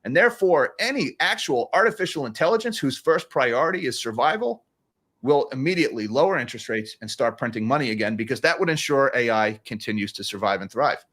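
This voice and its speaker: A man's voice: medium pitch, lively intonation, a little fast, a bit bright. A man hosting a casual livestream about economics, reading super chats with a sarcastic, chuckling manner and frequent restarts.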